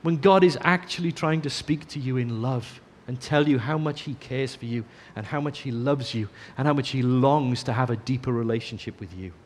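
A man preaching a sermon, earnest, often dropping to a soft hush on key phrases. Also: mid-range voice, normal speed, hardly any pauses, slight background noise.

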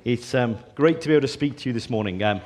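A man's voice: medium pitch, quick pace, a little hiss or hum. A man, a father in his thirties, preaching a sermon to his church in a conversational way with frequent ums. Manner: conversational, warm and self-deprecating, with frequent ums. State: deaf in his left ear this morning.

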